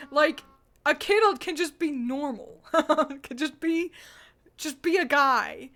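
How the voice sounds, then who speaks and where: A woman's voice: sits high, slow, bright, forceful tone, faint music behind. A woman streamer chatting casually, ranting bluntly with profanity and frequent laughter. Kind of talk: casual livestream chat.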